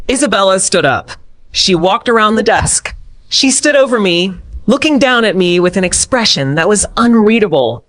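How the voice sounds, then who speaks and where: A woman narrating a scripted first-person drama story in a steady storytelling manner. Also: mid-range voice, normal speed.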